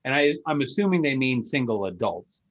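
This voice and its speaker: A man's voice: mid-range voice, very animated, a little fast, muffled recording. A man hosting a podcast, chatting casually in a loose, rambling way with many fillers. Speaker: podcast host. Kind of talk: casual interview chat.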